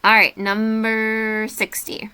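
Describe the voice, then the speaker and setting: A woman's voice: on the high side, completely flat delivery, slow, sharp tone, clean tone. A woman teacher giving a remote reading lesson, patiently walking students through a worksheet and spelling words letter by letter.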